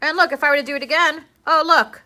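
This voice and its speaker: A woman's voice: high voice, fast, bright, forceful tone. A young woman teaching a classroom lesson, chatty and playful, asking her students questions as she works.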